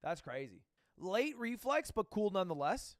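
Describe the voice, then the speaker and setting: A man with a high, animated voice reacts to clips with casual, joking commentary and free swearing. The sound is close and dry, with no room around it. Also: normal speed, dry recording. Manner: joking, expressive, swears freely. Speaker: reaction video creator.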